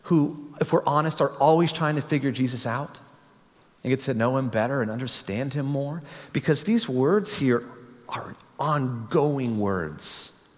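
A man preaching a sermon, slow and reflective, repeating his phrases for emphasis. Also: medium pitch. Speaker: pastor. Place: church building. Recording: long reverb of a church hall.

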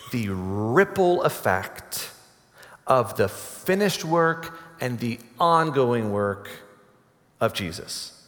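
Pastor guy preaching slow and earnest, big loud peaks then soft low bits, long hall echo. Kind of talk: sermon.

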